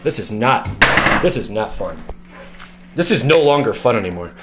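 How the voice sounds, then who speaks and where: Animated man ranting at home. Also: fairly low pitch, moderate pace. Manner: animated, swears freely, breaks off into joking rants. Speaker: card game video host. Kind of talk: casual card review vlog.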